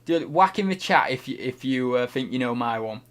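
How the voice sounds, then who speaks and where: A man's voice: mid-range voice, lively intonation, moderate pace, smooth. A man from the UK hosting a casual livestream, reading out chat questions and thinking aloud, often restarting and unsure of himself.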